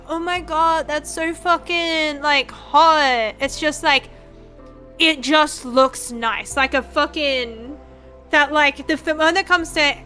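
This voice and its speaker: High, bright-voiced young woman streamer. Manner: rambling, profane, frank, animated. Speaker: VTuber streamer. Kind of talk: casual chat stream.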